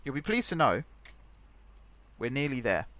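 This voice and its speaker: A man's voice: medium pitch, sing-song, moderate pace, a bit bright. Chatty man thinking aloud. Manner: rambling, chatty, thinks aloud while typing. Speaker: let's play host. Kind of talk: casual gameplay commentary.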